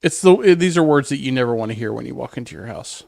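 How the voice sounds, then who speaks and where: A man co-hosting a podcast in casual chat, chiming in with quick jokes and agreement. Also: medium pitch, expressive, gravelly, darkish tone, no echo, studio quality. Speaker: podcast co-host.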